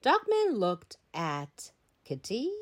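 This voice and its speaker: A woman reading a children's book aloud and explaining it to kids, expressive and playful. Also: medium pitch, slow pace. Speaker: storybook reader. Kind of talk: bilingual read-aloud for kids.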